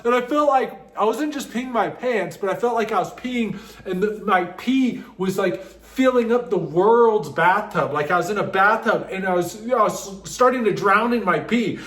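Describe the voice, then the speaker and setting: A man with a notably high voice tells a personal story in a loose, casual way, often cracking up as he goes. He sounds animated and informal, and his voice rings in a roomy, echoey space. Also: normal speed, few pauses. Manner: animated, breaks into frequent laughter.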